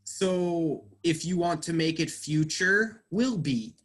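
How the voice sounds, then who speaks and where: Slow-talking male English teacher. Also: a little high. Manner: patient, explains step by step with questions. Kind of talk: online class teaching.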